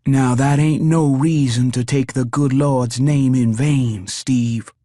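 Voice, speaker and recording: A man voicing a stern, pious rough country woman with a folksy, stone-cold delivery in an audiobook. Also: rumbling low, steady tone, slow, warm tone, dry recording, clean studio sound, pitched above the performer's own voice, full character voice. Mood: stern, dry. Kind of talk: audiobook character voice.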